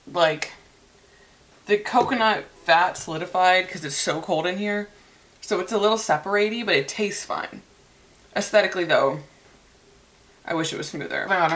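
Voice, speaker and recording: A young woman in casual, excitable chat to camera while mixing a drink in her apartment kitchen. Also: fairly low pitch. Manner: chatty and excitable, rambling asides. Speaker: vlogger. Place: cold home apartment kitchen.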